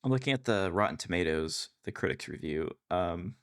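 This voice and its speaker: A man's voice: sits low, animated, normal speed, fairly bright tone, clean tone. A man co-hosting a podcast in casual chat, mostly giving short replies and dry jokes. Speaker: podcast co-host.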